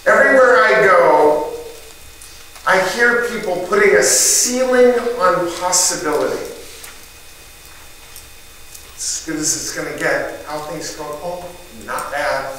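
A middle-aged man giving a motivational talk to a live group, an animated storyteller who acts out the people in his story and shouts their lines. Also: sits high, unhurried. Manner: animated storyteller acting out neighbors with loud shouted voices. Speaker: motivational speaker. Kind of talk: storytelling keynote speech. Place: event hall in front of a live group. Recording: distant echoey hall recording with noise.

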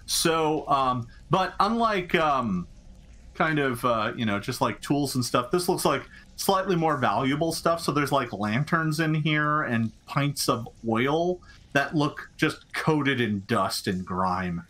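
A man's voice: medium pitch, expressive, slow, fairly bright tone. A man narrating as game master of a tabletop game, rambling with many fillers and restarts.

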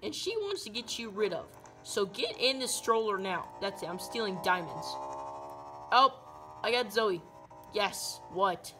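A woman doing loud, silly running commentary while playing a game. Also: mid-range voice. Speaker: gaming video creator.

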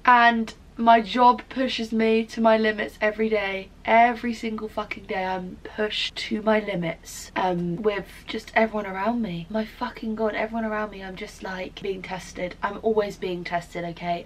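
A woman's voice: medium pitch, fairly even intonation, normal speed, hardly any pauses, slight background noise, low-quality recording. A young woman, ranting in a casual vlog, dramatic, sweary and self-mocking. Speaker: vlogger.

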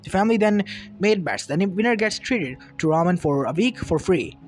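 A man's voice: high-pitched, lively intonation, moderate pace. A man reading a fan fiction story aloud, with small stumbles and restarts. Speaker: narrator. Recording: music under the voice. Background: lofi background music.

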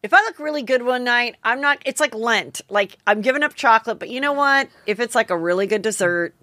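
A woman's voice: fairly high pitch, brisk, bright, forceful tone, no echo. A woman hosting a podcast, chatting about celebrity gossip in a rambling way with lots of fillers and self-corrections. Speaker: podcast host. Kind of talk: casual gossip chat.

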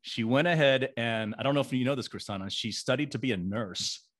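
A man's voice: medium pitch, fairly quick. A man in his forties hosting a casual interview, chatty and playful, often rambling through restarts. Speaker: podcast host interviewing guest actresses.

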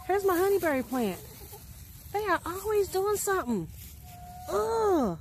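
High, lively woman scolding. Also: unhurried, long pauses, slight background noise. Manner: scolding, exasperated chiding. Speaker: backyard homesteader. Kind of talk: casual vlog chatter. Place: outdoor backyard garden.

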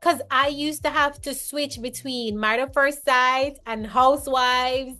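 A woman with a high, bright-sounding voice chats casually as a co-host. She talks in an animated, emphatic way and hops from one thought to the next. Faint music plays underneath. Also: measured pace. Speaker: co-host of reality TV chat. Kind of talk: casual chat.

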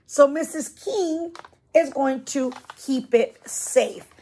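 A woman's voice: sits high, takes it slowly, warm tone. A woman teacher reading a picture book aloud to young children, stopping to ask questions and explain. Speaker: preschool teacher.

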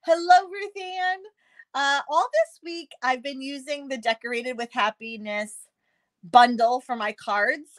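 A woman's voice: fairly high pitch, fairly bright tone. A woman hosting a live crafting stream, chatty and bubbly, greeting viewers by name and laughing often. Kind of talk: casual live-stream chat.

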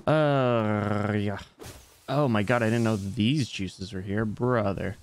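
A young VTuber casually chats with his stream while gaming, rambling and making jokes as he plays. He talks slowly in a fairly low voice with vocal fry.

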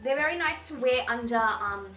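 A high, bright young woman gushes through a casual fashion haul in a bubbly, chatty way. Her voice rings in an echoey room, with faint music playing underneath. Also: lively intonation, normal speed. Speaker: fashion vlogger.

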